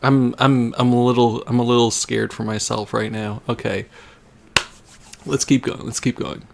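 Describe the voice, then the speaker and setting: A man's voice: medium pitch, little pitch movement, normal speed, vocal fry, slight background noise. A young man on a livestream reading a fan story aloud for comedy, often breaking into laughter and wry asides. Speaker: livestreamer reading for a charity stream.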